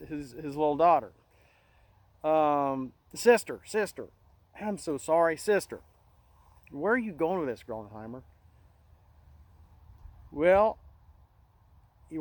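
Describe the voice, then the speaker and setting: A middle-aged man hosting a casual monologue, talking in an earnest, halting way with many restarts. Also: a little high, dry recording, rough recording. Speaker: channel host.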